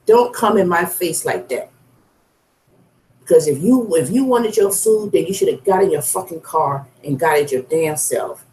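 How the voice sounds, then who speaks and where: A woman's voice: on the low side, expressive, normal speed, warm tone. Blunt ranting woman, roomy echo. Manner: blunt, profane, venting. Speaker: food delivery driver. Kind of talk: casual vlog rant.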